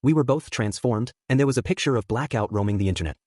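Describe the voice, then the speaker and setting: A man reads a first-person story aloud, steady and even. His voice sits at a middle pitch, and the recording is dry and close. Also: quick pace, no echo. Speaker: fanfiction narrator.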